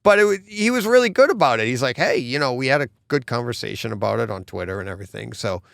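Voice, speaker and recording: A man's voice: mid-range voice, animated, fast talker, creaky, a bit bright, no room sound. A man with a Boston accent co-hosting a podcast in casual chat, rambling with many restarts and frequent laughs. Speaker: podcast co-host.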